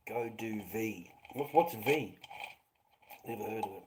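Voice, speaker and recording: With a noisy background behind him, this Australian man runs a livestream and answers viewers in casual chat. His fairly low voice delivers blunt advice peppered with constant swearing and plenty of "mate."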